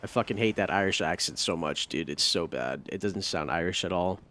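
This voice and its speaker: Profane, excitable male streamer. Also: low voice, brisk. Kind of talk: casual gameplay commentary.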